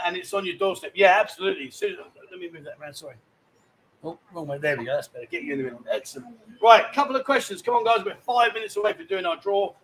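Chatty male host, pitched high, teasing guests between bar-side segments. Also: slight background noise, poor audio. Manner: cheeky, bantering, loud asides. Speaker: live stream host. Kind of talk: casual live-stream banter. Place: busy bar.

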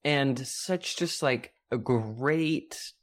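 A woman's voice: very deep voice, very slow. A young woman co-hosting a casual rewatch podcast, chatty and full of fillers as she shares trivia. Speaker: podcast co-host.

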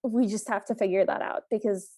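A woman's voice: medium pitch, fairly even intonation, a little fast, mellow, dry recording. A woman co-hosting a podcast, chiming in with easygoing recap chat. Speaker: podcast co-host. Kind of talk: casual movie recap chat.

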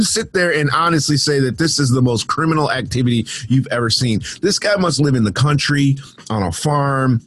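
A man's voice: mid-range voice, animated, brisk, a little hiss or hum. A man hosting a casual news show from his home studio, reading odd stories and breaking off into sarcastic, rambling asides. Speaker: podcast host reading news.

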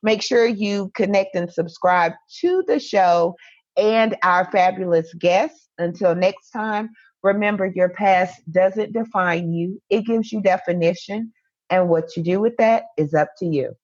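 A woman's voice: medium pitch, unhurried, a little mellow, muffled recording. A woman hosting a podcast, asking encouraging questions and wrapping up with a signature sign-off. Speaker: podcast host. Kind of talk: casual interview chat.

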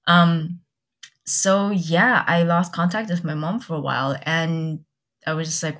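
Low-voiced young woman telling a personal story. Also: a bit bright. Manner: candid, halting, many restarts and quoted dialogue. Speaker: podcast guest. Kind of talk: personal storytelling in casual chat.

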